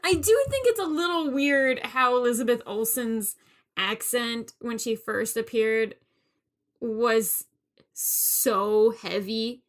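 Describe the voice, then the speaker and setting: A chatty young woman co-hosting a casual podcast, her voice sitting a little higher than most. She rambles easily and sprinkles "like" through her sentences. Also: animated, slow pace. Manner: chatty, lots of "like" fillers. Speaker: podcast co-host. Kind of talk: casual chat.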